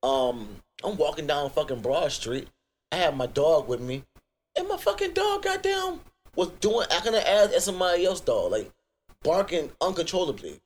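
A young American man with a Virginia accent, co-hosting a crude comedy podcast, telling stories in an animated, profane rant. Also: fairly high pitch, normal speed. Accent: US Southern, Virginia. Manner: profane, animated storytelling with outbursts. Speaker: podcast co-host.

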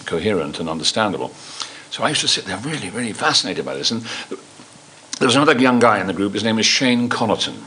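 Older man, deep bright voice. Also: a little hiss or hum. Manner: halting, full of restarts and ums, acts out quoted voices. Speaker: speaker telling his life story to an audience. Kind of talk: anecdotal storytelling.

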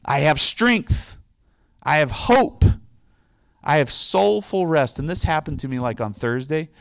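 A man's voice: on the high side, lively intonation, unhurried, creaky, clear, resonant tone, no echo, clean studio sound. A middle-aged man preaching a casual, conversational sermon, loose and informal with lots of "like" and "you know". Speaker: pastor.

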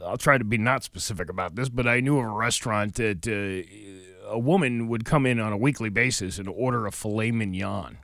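A man's voice: on the low side, gravelly, fairly bright tone, no echo, clean studio sound. A man co-hosting a morning radio show, chatting casually and rambling. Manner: rambling, quick to put on silly voices. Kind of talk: casual chat.

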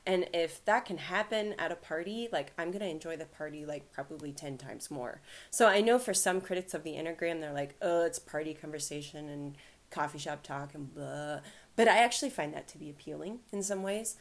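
Rambling woman co-host, lowish voice. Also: expressive, fairly quick, hardly any pauses. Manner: rambling, many fillers, laughs often. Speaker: podcast co-host. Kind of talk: casual podcast chat.

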